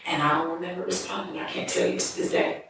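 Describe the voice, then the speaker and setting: A woman's voice: on the low side, huge pitch swings, quick pace, gravelly, fairly bright tone, slight background noise. A woman giving an earnest, emotional personal testimony in a conversational way. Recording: distant mic in echoey room.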